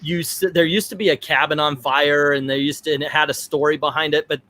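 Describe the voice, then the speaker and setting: A man's voice: a little high, fairly even intonation, brisk, pushed and bright. A man hosting a casual chat, joking and stammering a little as he steers the discussion. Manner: jokey, stammers on restarts, leads the discussion. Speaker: podcast host.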